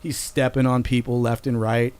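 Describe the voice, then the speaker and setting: A man talking loosely on a podcast, his voice sitting at an ordinary middle pitch. He rambles and drops casual swears as he chats with his co-host. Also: little pitch movement, normal speed, a little mellow, clear, resonant tone. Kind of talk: casual chat.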